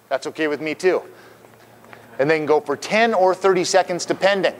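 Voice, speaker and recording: A fairly high-voiced man walks viewers through fitness drills with playful energy. He keeps checking in with "okay?" between cues. He is recorded outdoors on a hilltop. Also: fairly quick, a little hiss or hum. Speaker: fitness trainer. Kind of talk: instructional demonstration.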